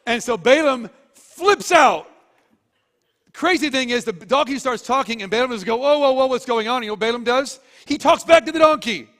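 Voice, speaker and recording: A pastor preaching to his congregation, telling the story in a lively, joking way with a fairly high voice. The sound carries a long reverb from the church hall. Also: normal speed. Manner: animated storytelling, jokey. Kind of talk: sermon. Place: church auditorium.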